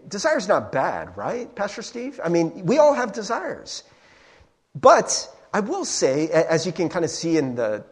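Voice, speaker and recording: A man's voice: high-pitched, darkish tone, breathy edge. A young man preaching a casual sermon as pastor, chatty and self-deprecating with lots of fillers.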